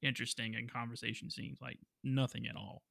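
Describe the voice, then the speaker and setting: A man's voice: medium pitch, flat delivery, a little fast, creaky, a bit bright, dry recording, studio quality. A man co-hosting a podcast, chatting casually and jokily, sharing behind-the-scenes trivia. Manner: chatty, shares trivia, jokey. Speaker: podcast co-host. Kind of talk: casual movie review chat.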